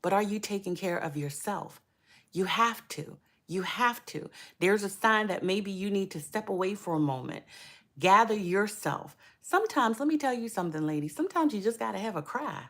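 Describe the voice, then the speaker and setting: A woman's voice: medium pitch, expressive, fairly quick. A middle-aged woman giving caregiving advice on a live stream, chatty, repeating words for emphasis and greeting viewers by name. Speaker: caregiver coach.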